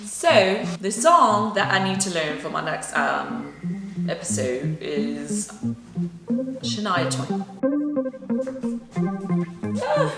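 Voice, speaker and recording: A woman's voice: lowish voice, expressive, takes it slowly, creaky. A middle-aged woman from Atlanta, chatting casually about a singing show and filling her talk with "you know". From Atlanta, Georgia. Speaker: singer and vlogger. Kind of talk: casual behind-the-scenes chat. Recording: echoey room, faint music behind.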